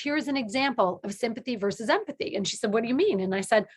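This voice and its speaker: Brief: higher-voiced woman, leadership coach, earnest and expressive when explaining. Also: fast, few pauses, slightly rough. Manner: earnest, acts out quoted lines with lively pitch shifts. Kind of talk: explaining to camera.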